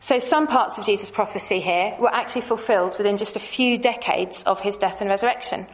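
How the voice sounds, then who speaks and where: A woman presents a lesson in a measured, explanatory way. Her pitch sits in an ordinary middle range, and she speaks clearly, pausing to point things out on her slides. Now and then she drops in a light aside to her audience. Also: low-quality recording. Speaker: Bible teacher.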